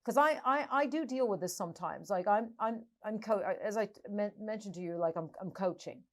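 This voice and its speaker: A middle-aged woman hosting a podcast, talking casually and haltingly with many restarts. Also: mid-range voice. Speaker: podcast host. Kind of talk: casual interview chat.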